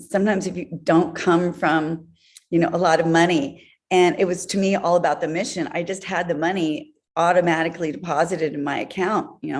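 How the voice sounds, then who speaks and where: A woman guest on an interview show, telling business stories in an animated way with laughs along the way. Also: deep voice. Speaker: guest, entrepreneur. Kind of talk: conversational storytelling.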